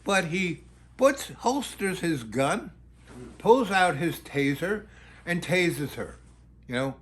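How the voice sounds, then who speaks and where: A man's voice: high voice, animated, slow pace, fairly bright tone. A middle-aged man telling a long story in a rambling way, full of fillers and restarts.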